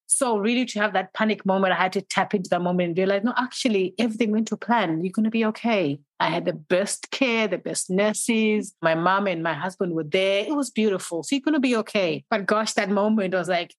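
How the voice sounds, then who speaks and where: Animated woman telling stories. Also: lowish voice, no room sound. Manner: animated storyteller, acts out her own inner voice. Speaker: host. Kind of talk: casual chat.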